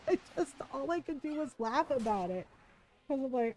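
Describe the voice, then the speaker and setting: A woman's voice: sits high, lively intonation, moderate pace, mellow. A middle-aged woman streamer chatting casually while gaming, laughing often and swearing freely.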